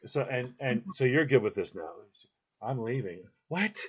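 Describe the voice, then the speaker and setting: A man telling funny stories in casual chat, animated and laughing, acting out what people said. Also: medium pitch, normal speed, slightly rough, highs cut off. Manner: animated, laughing, acts out quotes in funny voices. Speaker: podcast host.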